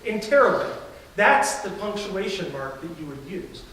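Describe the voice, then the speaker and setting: A man's voice: high-pitched, sing-song, moderate pace, a bit bright, a little hiss or hum. A man preaching a sermon as a pastor in a church, telling stories in a conversational way. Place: church sanctuary. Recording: very echoey church, distant mic.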